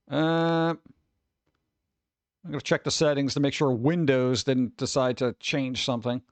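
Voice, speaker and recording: A man's voice: medium pitch, measured pace, pauses often, no echo. A man hosting a casual livestream, rambling, exclaiming and grumbling at his connection as he chats with viewers. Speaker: livestream host. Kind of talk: casual live-stream chat.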